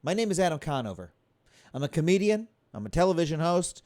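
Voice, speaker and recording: A man's voice: fairly high pitch, big pitch swings, quick pace, a little mellow, no room sound, clean studio sound. A middle-aged man, a comedian hosting his live stream, chatting casually and joking while he greets viewers by name. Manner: breezy, jokey, greets chat by name. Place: large stone library.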